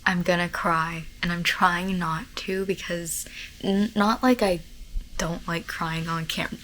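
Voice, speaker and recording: Young woman, book vlogger, low-pitched and unhurried, chatty and excitable. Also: a little hiss or hum, rough recording. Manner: excitable, rambling, many "like" fillers. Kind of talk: casual reading vlog to camera. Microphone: camera mic, talking to camera.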